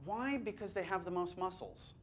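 A man with a fairly high voice leads a workshop for teachers, chatting lively and putting questions to the room. His delivery is loose and conversational, with quick jokes. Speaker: workshop presenter. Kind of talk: teacher training workshop lecture. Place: classroom or workshop room with a live audience.

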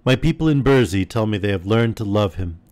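A man's voice: on the low side, expressive, a little fast, darkish tone, no echo, lightly acted. A man reading aloud and voicing a kindly male king of little streams, speaking steadily and plainly.

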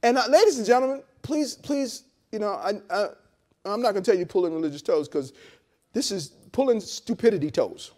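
At a church service in a hotel venue, a male pastor preaches in a loose, conversational style, repeating words, trading amens with the congregation and tossing in blunt, joking asides. His voice is high, darkish in tone, brisk and lively in intonation.

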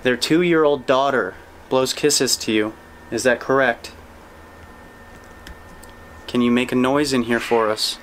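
A man investigating the paranormal, calmly addressing an unseen presence and explaining his gear. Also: mid-range voice, takes it slowly, pauses often, slight background noise, poor audio. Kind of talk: ghost-hunting spirit call-outs.

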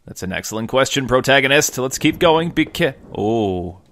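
A man's voice: medium pitch, animated, moderate pace, a bit bright. A young man hosting a game video, chatting and joking to viewers while he plays on a desk mic. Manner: chatty, jokey, addresses viewers as folks. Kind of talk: casual gameplay commentary.

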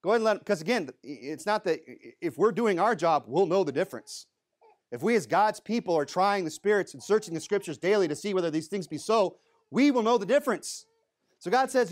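A man preaching a sermon in a church, emphatic, asking rhetorical questions and dropping low to stress a point. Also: lively intonation, a little fast.

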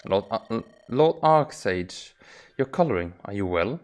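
A man voicing a gentle, earnest young noblewoman who talks courteously with small hesitations. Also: fairly low pitch, animated, unhurried. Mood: polite.

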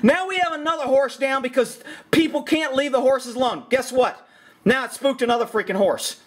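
A man with a very high voice for his sex rants over a video in blunt, exasperated commentary. He swears freely and talks with plain frustration. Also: moderate pace. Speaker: horse trainer and commentator.

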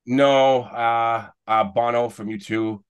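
A man's voice: medium pitch, steady tone, slow pace, clear, resonant tone. A man in his forties from Canada, a podcast guest rambling through stories in casual chat. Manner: rambling storyteller, restarts, chuckling asides. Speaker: podcast guest, celebrity YouTuber.

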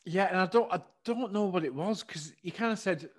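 A man's voice: high-pitched, brisk. A man co-hosting a podcast, telling playful stories in a casual, joking chat. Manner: playful storyteller. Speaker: podcast co-host.

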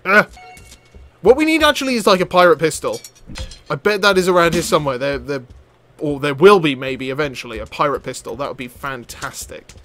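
A man commentating his own gameplay, excitable and chatty, shouting at enemies and laughing often. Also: on the high side, brisk, faint music behind. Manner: excitable, loud outbursts and swearing, frequent laughter; chatty, talks to enemies on screen. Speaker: gaming channel host. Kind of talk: let's play commentary.

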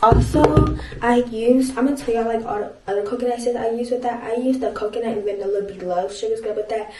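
A teenage girl vlogs casually from her bedroom and bathroom at home, rambling with lots of fillers and venting her frustration. Her voice is a little high and mellow, and she talks fast. The camera-mic recording is low quality with slight background noise.

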